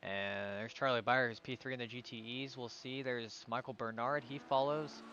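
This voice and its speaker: Man calling a sim race, bright voice. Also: mid-range voice, fairly even intonation, moderate pace, highs cut off, a little hiss or hum. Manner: calling positions, hesitant on names. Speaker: race commentator. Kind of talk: live sim-racing commentary.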